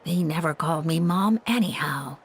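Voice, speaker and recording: A woman's voice: low-pitched, animated, normal speed, husky. An actress voicing a bitter older woman in a game, speaking coldly and resentfully about a son she has disowned. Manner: cold, clipped and resentful.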